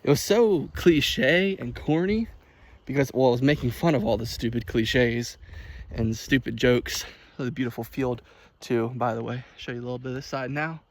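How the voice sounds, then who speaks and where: A man vlogging outdoors on a walk, telling a story in an animated, chatty way and laughing often. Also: mid-range voice, moderate pace. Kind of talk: casual chat while walking. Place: outdoors by a field.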